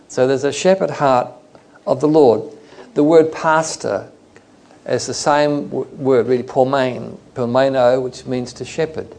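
An Australian man leads a Bible study in a loose, conversational style, pausing with fillers as he explains the text. His voice is mid-range and a little mellow.

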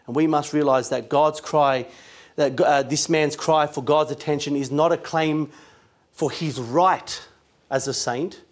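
Male preacher, earnest sermon delivery, slightly higher voice. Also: steady tone, unhurried. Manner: earnest, emphatic preaching with scripture quotes.

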